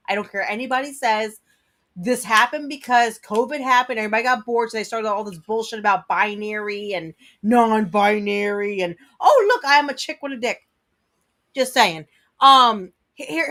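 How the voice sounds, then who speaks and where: A woman's voice: medium pitch, fairly bright tone. Blunt, swearing woman ranting. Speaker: livestream co-host. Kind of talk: casual livestream chat.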